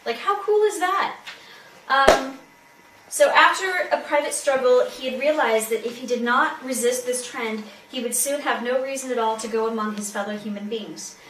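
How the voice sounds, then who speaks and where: A woman's voice: on the high side, normal speed, noisy background. A woman co-hosting a casual show, reading from a novel and paraphrasing it loosely, with lots of fillers and giggles. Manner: informal, with many fillers and giggles. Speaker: co-host and reader. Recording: roomy, distant amateur recording.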